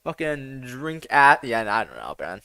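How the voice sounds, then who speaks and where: A man's voice: medium pitch, big pitch swings, normal speed, sharp tone, smooth, no room sound. A young man with a boyish voice chatting casually on a live stream, swearing a lot and running himself down in a rambling way. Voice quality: boyish, youthful-sounding. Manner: profane, self-deprecating, rambling.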